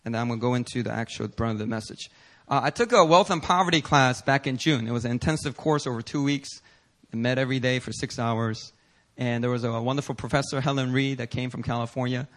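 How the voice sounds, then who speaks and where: A man's voice: mid-range voice, quick pace, fairly bright tone. A male pastor preaching a sermon in an earnest, emphatic way, building intensity through repetition.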